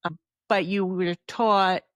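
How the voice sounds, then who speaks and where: A woman's voice: lowish voice, steady tone, slow, no room sound, clean studio sound. A woman from New York with Argentine family, co-hosting a casual podcast and telling stories candidly with plenty of swearing. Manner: candid storyteller who swears freely. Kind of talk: casual chat.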